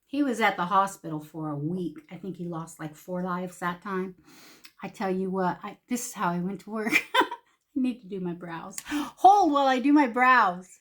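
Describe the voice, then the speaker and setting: A woman's voice: on the low side, normal speed, a bit bright. A woman beauty vlogger telling a story in a casual, salty way while doing her makeup in her home makeup room, laughing often and putting on voices for the people she quotes.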